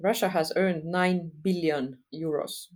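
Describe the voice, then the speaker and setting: Low-voiced woman, frank and thoughtful. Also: fairly even intonation, darkish tone. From Estonia. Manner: thoughtful, frank, with frequent uh pauses. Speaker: guest policy expert. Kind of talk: podcast interview.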